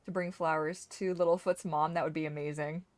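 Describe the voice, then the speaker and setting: A young woman streamer giving casual gameplay commentary, chatty, swearing freely and exclaiming loudly at the game. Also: deep voice, flat delivery, fairly quick, dry recording. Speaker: gaming streamer.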